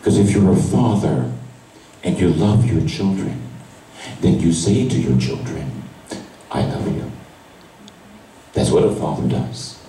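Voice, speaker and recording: Male priest, emotional testimony, low lively voice, echoey church from far off. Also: measured pace, pauses often, slight background noise. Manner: emotional testimony, voice swinging from hushed to cries. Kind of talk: sermon. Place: large church at a retreat Mass. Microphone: far camera recording.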